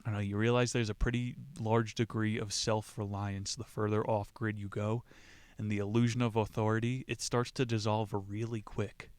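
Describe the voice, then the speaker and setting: A man's voice: on the low side, little pitch movement, moderate pace, darkish tone, clear, resonant tone, no echo. A man hosting a podcast, riffing casually and mockingly on a philosophy book and reading quotes from it aloud. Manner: irreverent, rambling, mocking, reads quotes aloud. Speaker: podcast host.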